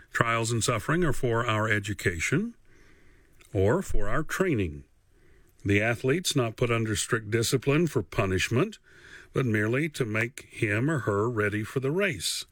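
A man teaching a radio Bible lesson, slow and deliberate with long pauses. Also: mid-range voice, a bit bright, no room sound.

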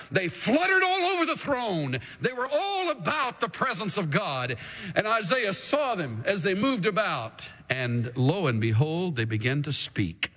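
A man preaching a sermon to a congregation, dramatic, swinging from hushed asides to loud proclamations. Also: sits high, in a large hall. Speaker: pastor.

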